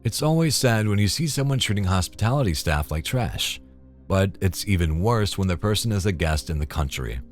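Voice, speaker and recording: Low-voiced male narrator, dry and disapproving, lively intonation, faint music bed. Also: fairly quick. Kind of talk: scripted commentary narration.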